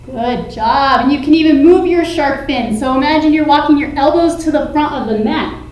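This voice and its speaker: A woman's voice: high-pitched, moderate pace, darkish tone, reverberant, poor audio. A woman teaching a children's yoga class, giving playful, encouraging sing-song cues. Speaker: kids yoga instructor.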